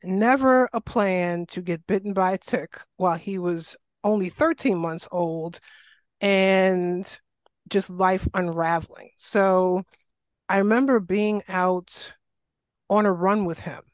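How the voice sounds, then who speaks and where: A middle-aged woman from New York, a guest telling her life story in a casual interview, animated and full of fillers. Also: medium pitch, slow, dry recording. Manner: animated, acts out quoted voices, frequent fillers. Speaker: guest, wellness coach.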